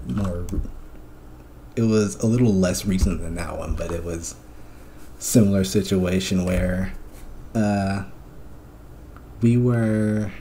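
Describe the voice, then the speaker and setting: A man's voice: low-pitched, warm tone, a little hiss or hum. A man streamer in casual chat, recounting a dream in a profane, rambling way with lots of fillers.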